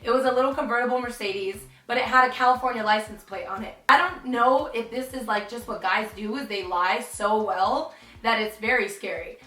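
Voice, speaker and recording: A woman's voice: a little high, a little fast, bright, forceful tone. A young woman telling a dramatic story in a chatty vlog, full of "like". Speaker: vlogger. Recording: roomy, distant, faint music.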